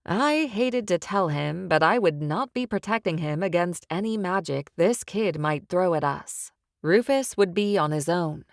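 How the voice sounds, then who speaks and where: A woman narrating an audiobook in a measured first-person storytelling manner. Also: lowish voice, expressive, dry recording, clean studio sound. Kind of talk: scripted narration.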